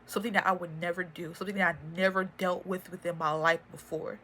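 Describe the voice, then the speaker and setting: A young woman giving a personal testimony, earnest and halting with many fillers and restarts, audibly emotional. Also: lowish voice, fairly even intonation, sharp tone. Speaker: faith and motivation vlogger.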